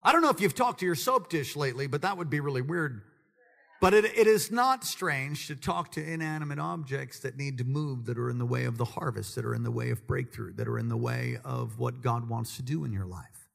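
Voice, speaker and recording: A man preaching a sermon to his congregation, swinging between calm teaching, humorous asides and loud, high-pitched passionate preaching. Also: a little fast, gravelly, big-room sound. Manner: builds to loud, high-pitched preaching, then drops low and conversational. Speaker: pastor. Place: church sanctuary with congregation.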